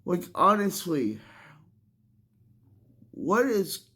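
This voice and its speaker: A man's voice: fairly high pitch, lively intonation, takes it slowly, gravelly, breathy edge. A tearful man speaking in an impassioned, heated vlog monologue. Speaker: vlogger.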